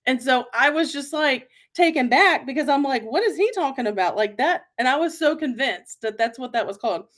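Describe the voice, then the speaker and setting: A young adult woman hosts a casual podcast chat. Her voice sits a little on the high side, and she rambles freely, leaning on fillers and breaking into easy giggles. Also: lively intonation, fairly quick, fairly bright tone. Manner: chatty, rambling, frequent filler words and giggles. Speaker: podcast host.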